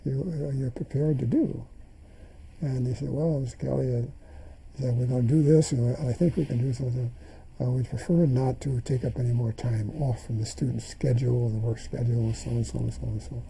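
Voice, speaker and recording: Older man, interview storytelling, mellow dark tone, gravelly, animated quoted dialogue. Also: brisk, poor audio. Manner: animated retelling, acting out quoted dialogue with raised pitch.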